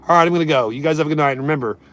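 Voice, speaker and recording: Speaking very fast with a fairly high voice, a man runs a casual stream where he jokes and responds to viewers' chat. His volume swings from loud bursts down to mumbled asides.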